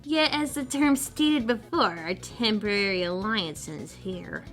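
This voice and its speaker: A woman's voice: mid-range voice, lively intonation, a little slow, a bit bright, soft background music. A woman voicing a scheming male rogue in a fan audio drama, speaking in a cocky, theatrical way. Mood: smug.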